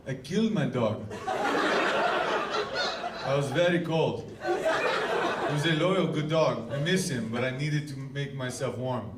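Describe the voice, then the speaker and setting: A man putting on a deadpan tough guy. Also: medium pitch, slow pace, pauses often, far from the mic, very noisy, voice pushed down, natural voice. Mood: deadpan menace. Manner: flat deadpan menace. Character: cold menacing male Russian, deadpan and ruthless. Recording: roomy stage sound over loud guitar.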